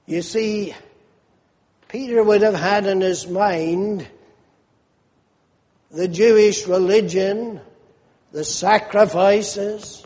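A man preaching a sermon, slow and emphatic, rising into animated rhetorical questions. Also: high-pitched, in a large hall.

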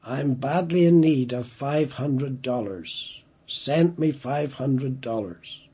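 Angry demanding young prisoner, voiced by a male preacher, husky and slow. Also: mid-range voice, warm tone. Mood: complaining. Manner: complaining, demanding.

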